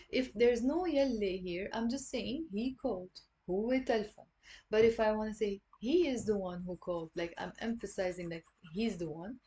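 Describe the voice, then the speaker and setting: A woman with a Lebanese accent giving an online language lesson, patiently repeating words slowly for learners. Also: medium pitch, mellow. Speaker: Arabic dialect teacher.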